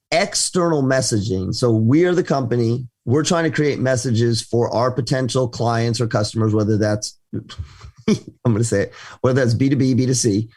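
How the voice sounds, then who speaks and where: A man co-hosts a business talk show on a podcast, his mid-range voice a little mellow. He talks conversationally but hesitantly, restarting often and leaning on fillers.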